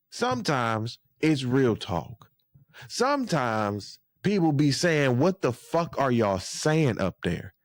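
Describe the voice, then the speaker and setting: A man giving casual, profane podcast commentary, animated, with his voice jumping high when he gets worked up. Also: dry recording, studio quality.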